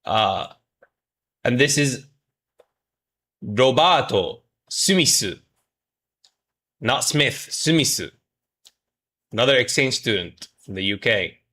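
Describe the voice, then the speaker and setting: Man, medium pitch, forceful bright tone; playful stream teacher drilling phrases. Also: lively intonation, takes it slowly, long pauses. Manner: jokey, mock-scolds chat, drills pronunciation. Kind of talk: playful livestream lesson.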